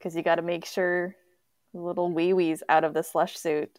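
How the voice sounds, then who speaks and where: A woman co-hosting a casual podcast, chatty and relaxed, telling stories with lots of "like". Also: lowish voice, moderate pace, dry recording, clean studio sound. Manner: chatty storyteller, uses "like" often. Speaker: podcast co-host. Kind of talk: casual chat.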